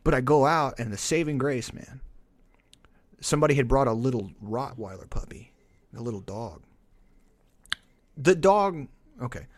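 A man's voice: medium pitch, lively intonation, normal speed, long pauses. Profane rambling man telling a story. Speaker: podcast host. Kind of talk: casual storytelling chat.

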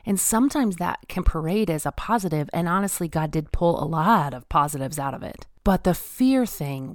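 Earnest woman with a low voice. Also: a little mellow, dry recording, studio quality. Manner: earnest, emphatic repetition; addresses listeners directly. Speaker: speaker sharing her faith story. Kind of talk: personal testimony talk.

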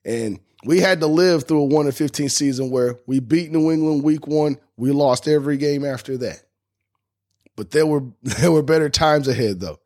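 A man's voice: mid-range voice, a little mellow. A man hosting a fan sports podcast, ranting in a heated, indignant way and cursing freely. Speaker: podcast host.

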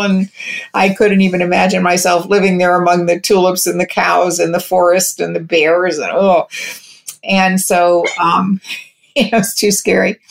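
Her voice is on the low side and gravelly, holding a steady tone at a moderate pace. The woman, an interview guest, rambles through a personal story, restarting often and bringing in quoted dialogue from others.

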